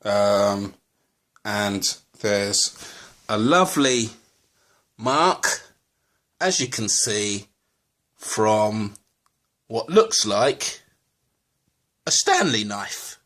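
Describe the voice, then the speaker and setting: A man from the UK filming a casual unboxing video as a collector vlogger. He speaks haltingly and turns to angry ranting, full of swearing. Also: lowish voice, sing-song, fairly bright tone.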